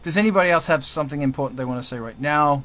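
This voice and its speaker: An energetic, jokey man hosts a casual panel chat and keeps it moving. His voice sits a little higher than most men's. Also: very fast. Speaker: host.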